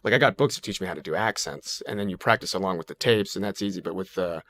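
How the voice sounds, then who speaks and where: A man's voice: low voice, fast talker. A man, an actor and impressionist, chatting casually and animatedly as a podcast guest, joking as he goes. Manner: animated, rambling, jokey. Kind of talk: casual chat.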